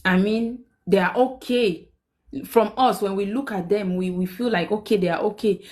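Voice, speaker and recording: A young woman, hosting a live stream and telling a personal story in casual chat. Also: moderate pace. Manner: animated, quotes people with big pitch jumps.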